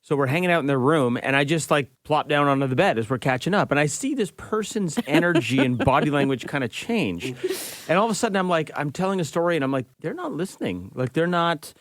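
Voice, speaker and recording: A man co-hosting a morning radio show, chatting casually and telling stories with animated, teasing delivery. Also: fairly high pitch, quick pace, no room sound. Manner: animated storyteller, playful teasing. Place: radio studio.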